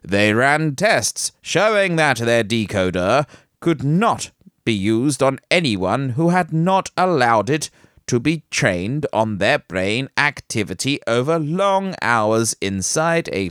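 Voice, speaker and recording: This podcast host has a mid-range, fairly bright and clean voice, captured in a dry, clean studio recording. He reads news items but keeps breaking off into jokey, rambling asides, laughing at himself.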